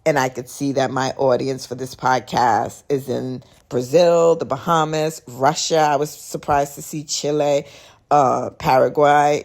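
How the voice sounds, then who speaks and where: Very low, gravelly-voiced woman podcaster. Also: a little mellow. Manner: chatty, rambling, retells conversations. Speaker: podcast host. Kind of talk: casual podcast storytelling.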